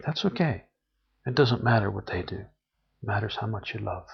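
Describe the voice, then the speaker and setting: A man's voice: lowish voice, expressive, fairly quick, creaky. A man giving an earnest, emphatic spiritual talk, repeating phrases for emphasis. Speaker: spiritual teacher. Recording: dull lo-fi recording.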